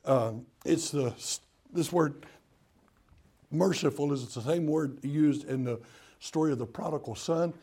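A gravelly, husky man preaching a sermon in a fairly high voice. He moves between loud calls and hushed, tender tones. He restarts his words in quick bursts. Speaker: pastor.

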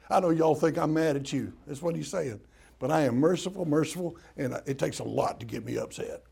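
Older man, Tennessee accent, preacher, folksy humorous sermon, gravelly, husky. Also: a little high, animated, fast talker, darkish tone. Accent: Southern US, Tennessee. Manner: folksy storytelling, drawling and humorous.

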